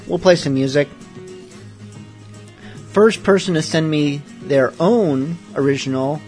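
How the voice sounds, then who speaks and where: A man hosting a late-night radio show, talking casually with rambling, self-deprecating asides. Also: fairly high pitch. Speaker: host.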